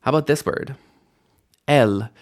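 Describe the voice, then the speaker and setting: A man's voice: mid-range voice, measured pace. A man teaching an online language lesson in a casual, friendly way, explaining grammar and repeating words aloud for practice. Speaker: Hebrew teacher.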